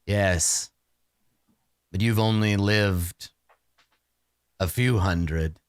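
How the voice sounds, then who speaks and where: A man voicing a weary, bitter ancient male vampire, speaking slowly and gravely. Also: low-pitched, no room sound, clean studio sound, voice pushed down. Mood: grim. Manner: grave, slow and brooding.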